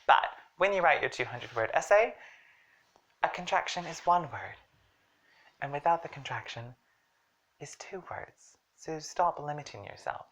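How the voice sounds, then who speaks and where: A woman with a strikingly deep, low voice giving a casual English lesson. She chats along with jokes and asides, stressing key words to make her points. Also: expressive, unhurried, long pauses, a bit bright. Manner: chatty, jokey, emphatic explaining. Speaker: English teacher. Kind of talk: casual online language lesson.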